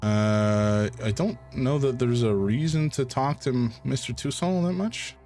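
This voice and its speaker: Over soft background music, a Canadian streamer talks through a live game in a mellow, medium-pitched voice at a slightly slow pace. His running commentary is loose and conversational, packed with fillers and laughter.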